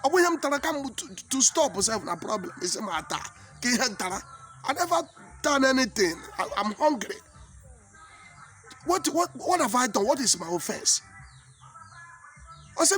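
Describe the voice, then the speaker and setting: Nigerian guy with a high voice telling a funny story in pidgin, excitable, keeps repeating himself, quiet music behind. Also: moderate pace, long pauses. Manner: animated and exclaiming, with repetitions. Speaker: comic storyteller. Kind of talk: comic monologue in pidgin English.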